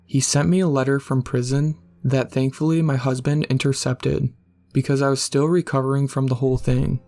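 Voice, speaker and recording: A man narrates a scary story in a steady, level voice that rarely rises or falls. His tone is dark and mellow, and the reading is scripted and unhurried in feel. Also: mid-range voice, creaky.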